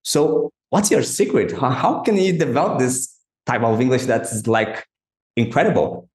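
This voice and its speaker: A man's voice: medium pitch, sing-song, unhurried, a little mellow, echoey room. A man hosting a podcast, asking interview questions hesitantly, restarting often and searching for words. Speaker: podcast host.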